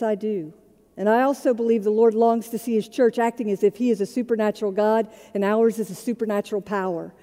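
A woman pastor preaching a sermon in a conversational storytelling way, moving between quiet and loud moments. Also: medium pitch, big-room sound.

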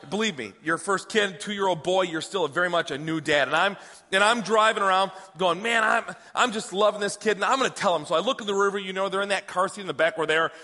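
A man in his thirties preaching a sermon, telling a personal story with hushed and excited swings. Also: high voice. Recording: long hall reverb.

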